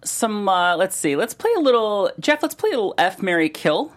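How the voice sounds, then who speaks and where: A man's voice: sits high, big pitch swings, normal speed. A man hosting a casual comedy chat, playful and teasing, wandering off on tangents. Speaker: podcast host.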